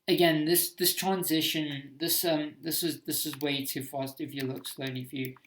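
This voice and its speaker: A man's voice: a little high, steady tone, moderate pace, a bit bright. A man giving casual commentary on his own homemade film, hesitant and self-critical, with many restarts.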